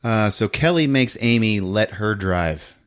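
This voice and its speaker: A man hosting a podcast, casually recapping a film scene by scene, laughing often and acting out the characters' lines in squeaky voices. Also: animated, unhurried, smooth. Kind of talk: casual movie recap chat.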